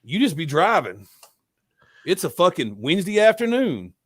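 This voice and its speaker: Profane, animated man telling stories. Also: high voice, normal speed, dry recording, clean studio sound. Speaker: podcast host. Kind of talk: casual storytelling chat.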